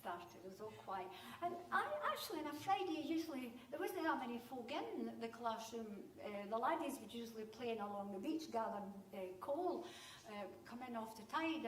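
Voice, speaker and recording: A Scottish woman in her sixties spins a funny childhood tale for a live audience, brisk and conversational. Her fairly high voice echoes through a big hall. The mic sits some way off, so she sounds distant. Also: a little hiss or hum. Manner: lively, conversational, acts out voices. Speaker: storyteller. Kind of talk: live comic storytelling. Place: conference hall.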